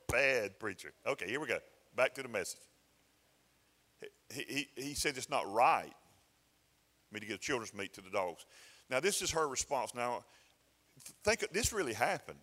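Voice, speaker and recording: A man's voice: mid-range voice, bright, forceful tone, big-room sound. A male pastor preaching a sermon in a folksy, conversational way, often restarting his phrases. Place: church sanctuary.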